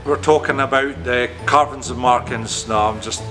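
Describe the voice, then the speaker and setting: A man talks casually to the camera while working on his boat, at an ordinary middle pitch. He keeps losing his words, laughing off and grumbling at his own slips. Faint music plays underneath. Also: steady tone, normal speed, sharp tone. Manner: stumbling, self-mocking, swears at his own slips. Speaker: boat-building vlogger. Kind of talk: casual to-camera vlog outtakes. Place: aboard a boat under construction, indoors.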